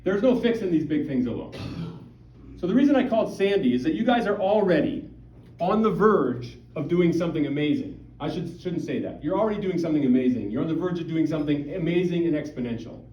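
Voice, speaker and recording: A middle-aged man from Montana gives an emphatic, conversational talk at a parish and keeps firing rhetorical questions at the crowd. His voice sits a little high for a man. It comes from some distance off the mic, with a roomy echo and a dull, muffled sound. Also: animated, brisk, mellow. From Montana, USA. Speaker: guest speaker at a parish. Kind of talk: public talk to a church audience. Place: parish hall or church.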